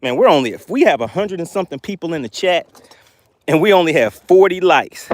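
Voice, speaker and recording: Excitable man hosting a fishing livestream. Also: on the high side, brisk, no echo. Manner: excitable, hyping, reads chat comments aloud. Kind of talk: excited live-stream commentary. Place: outdoors on a fishing boat.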